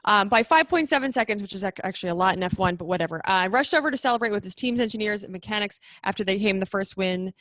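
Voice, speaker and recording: Woman co-host, mid pitch, dry close mic, chatty and enthusiastic. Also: animated, fast, hardly any pauses, fairly bright tone, no echo. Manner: chatty, enthusiastic, restarts a lot. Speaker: podcast co-host reading racing news. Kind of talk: casual chat.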